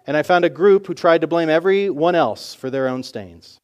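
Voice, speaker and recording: A man voicing a small, weary stained boy who pleads earnestly and stammers when excited. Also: fairly high pitch, normal speed, pitched above the performer's own voice, close to an everyday voice. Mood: pleading.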